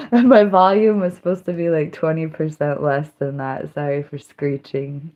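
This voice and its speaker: A woman live streamer chatting casually to her viewers. She rambles loosely, mocks herself and breaks into squeals and yells. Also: sits low, measured pace, muffled recording. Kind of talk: casual livestream chat.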